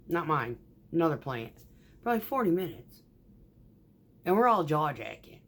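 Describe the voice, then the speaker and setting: A woman who drives a concrete mixer truck, telling profane, animated stories about her workday in a casual vlog. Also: low voice, slow, slightly rough. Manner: profane, animated, acts out quoted voices.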